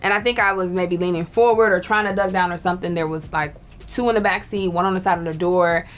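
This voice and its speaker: A woman's voice: on the low side, fairly even intonation, fast. A young woman telling a story in casual chat, laughing and acting out the voices of people she quotes. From Detroit. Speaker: guest storyteller.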